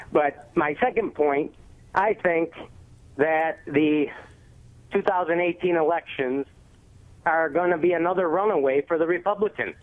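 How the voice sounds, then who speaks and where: A man's voice: on the high side, unhurried, long pauses. A man from the Cleveland area calling in to a radio show, laying out his points with confident insistence. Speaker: caller. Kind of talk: phone-in caller making a point. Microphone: telephone. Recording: tinny phone line.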